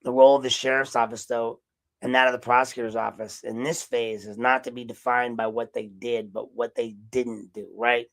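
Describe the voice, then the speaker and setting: A man's voice: mid-range voice, flat delivery, normal speed, fairly bright tone, rough recording. A man hosting a solo podcast monologue, rambling and sarcastic, with profanity and frequent self-corrections. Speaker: podcast host, investigative journalist.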